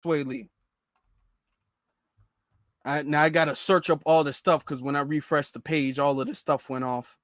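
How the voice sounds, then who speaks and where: A man hosts a political commentary show in a high voice. He is emphatic, repeats himself and talks straight to his viewers. The sound is dry and close, with no room around it. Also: steady tone, moderate pace, pauses often, fairly bright tone, dry recording. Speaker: commentary channel host. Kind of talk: political commentary, reacting to clips and posts.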